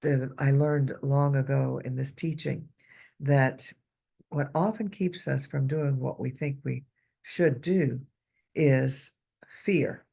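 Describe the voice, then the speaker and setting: Female co-host, gravelly voice, thoughtful and halting, asks reflective questions. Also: very deep voice, fairly even intonation, warm tone. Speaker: spiritual talk co-host. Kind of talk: reflective spiritual talk.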